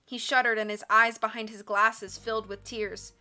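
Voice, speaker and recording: A woman reading a novel aloud in a measured, expressive storytelling voice. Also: mid-range voice, faint music behind. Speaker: audiobook reader on a stream. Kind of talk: dramatic audiobook narration.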